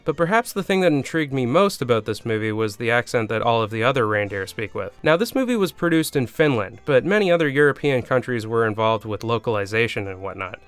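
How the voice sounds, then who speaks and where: A Canadian man with a Canadian accent narrating a comedic movie review, with sarcastic deadpan asides. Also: mid-range voice, quick pace, few pauses, clear, resonant tone. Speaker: video reviewer host.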